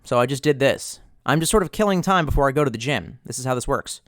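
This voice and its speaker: A young male streamer with a medium-pitched, fairly bright voice talks fast with lively intonation. The recording is dry and clean, studio quality. He chats casually on his livestream, rambling, sarcastic and cursing often while reading viewer messages aloud.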